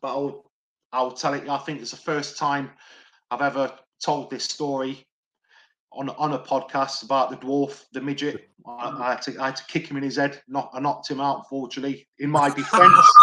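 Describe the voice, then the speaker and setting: A man's voice: medium pitch, flat delivery, normal speed, a bit bright. Swearing ex-doorman telling stories. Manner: swears often, rambling and repetitive. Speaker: podcast guest, ex-doorman. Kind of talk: casual storytelling.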